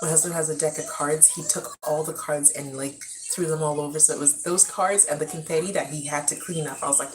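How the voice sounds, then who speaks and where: A young woman from Africa with a low voice chats at length on a live stream from her home, rambling from one story to the next. Her animated talk comes through a phone mic. A steady noise sits under the whole recording. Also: normal speed. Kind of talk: casual live-stream chat.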